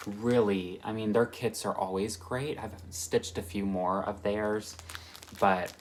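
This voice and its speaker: A man's voice: fairly low pitch, a bit bright, a little hiss or hum. Gushing, chatty male stitching vlogger. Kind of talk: casual chat.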